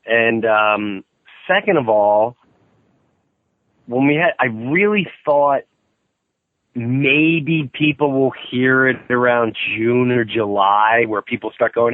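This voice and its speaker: Man, excitable storyteller, phone call-in guest, narrow tinny line. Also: slow pace, no echo. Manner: excitable, acts out quotes in shrill outbursts. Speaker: guest calling in. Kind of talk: animated storytelling.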